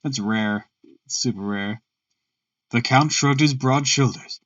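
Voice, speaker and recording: A man's voice: medium pitch, takes it slowly, a bit bright, dry recording, recorded from a distance, dull audio. A man reading a classic story aloud on stream, breaking off for casual, chatty asides and joking about his own misreadings.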